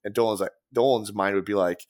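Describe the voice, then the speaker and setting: A man's voice: lowish voice, fairly even intonation, fast, darkish tone. A young man chatting as a musician guest, rambling and profane, with lots of fillers. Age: young adult. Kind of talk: casual podcast chat.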